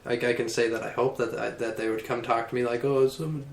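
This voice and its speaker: Flat-voiced man in his twenties. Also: mid-range voice, vocal fry. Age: 20s. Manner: laid-back, halting, profane. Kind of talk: casual podcast chat. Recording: echoey room with faint noise.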